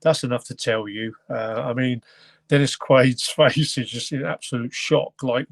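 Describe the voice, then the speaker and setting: A man's voice: medium pitch, a little slow, creaky, no room sound. A man hosting a casual film review chat. He rambles and often stops to search for words. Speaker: podcast host.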